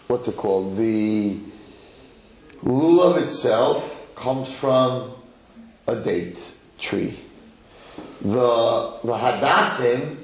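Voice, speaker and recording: Middle-aged man, rabbi lecturing an audience, animated and repetitive, medium pitch, strongly echoing hall. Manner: animated, repeats phrases, asks the audience. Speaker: rabbi teaching a class. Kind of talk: Torah lecture to a live audience. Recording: echoey hall.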